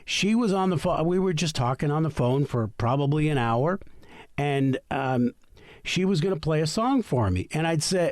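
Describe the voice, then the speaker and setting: A man's voice: a little high, a little mellow, dry recording, studio quality. Man telling rambling, sarcastic stories. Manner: rambling, sarcastic anecdotes with frequent restarts. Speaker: guest, host's husband. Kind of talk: casual podcast storytelling.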